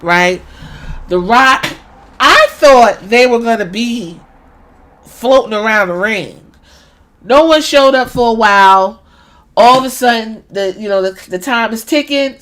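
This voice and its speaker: A woman hosting a podcast, giving a casual, profane recap and acting out moments with sudden shouts. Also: on the high side. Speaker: podcast host.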